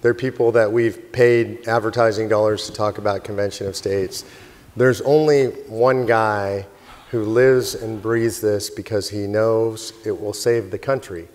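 A man and organization president telling an animated story in a speech to a live audience, laughing often as he goes. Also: lowish voice, a little slow. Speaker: convention speaker and organization president. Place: conference hall stage. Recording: long hall reverb with faint crowd.

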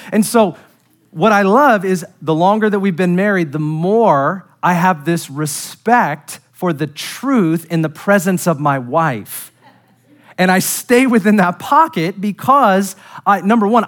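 A middle-aged man preaching a sermon, earnest and direct with the congregation, building to emphatic peaks and dropping quiet again. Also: a little high. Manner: direct address to congregation, self-deprecating humor. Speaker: pastor.

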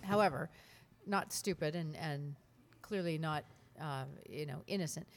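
Middle-aged woman co-host, lowish voice, chatty storyteller, slight noise under the voice. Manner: chatty, quick exclamations. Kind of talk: casual chat.

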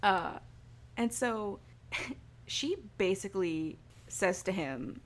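A young woman chats casually, retelling a story with plenty of fillers and little acted-out quotes. Her voice sits at a middle pitch. It is relaxed, everyday podcast talk. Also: slow pace. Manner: chatty storyteller, filler-heavy, acts out quoted lines. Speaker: podcast co-host recapping a story. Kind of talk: casual chat.

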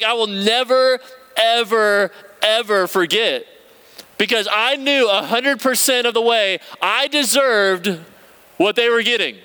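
A young man preaching a sermon, telling personal stories in a conversational, animated way and reading scripture aloud. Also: high voice, smooth. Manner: storytelling, conversational, animated retelling.

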